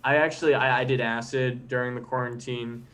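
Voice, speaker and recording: A man delivering stand-up one-liners in a dry, hesitant way, pausing often. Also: medium pitch, steady tone, fairly bright tone. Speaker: stand-up comic.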